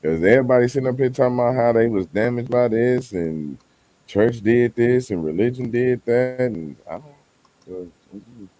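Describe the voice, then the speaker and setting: A man's voice: mid-range voice, moderate pace, dark tone, rough recording. A man on a podcast panel, casually teasing the others from a non-believer's side. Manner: teasing, irreverent.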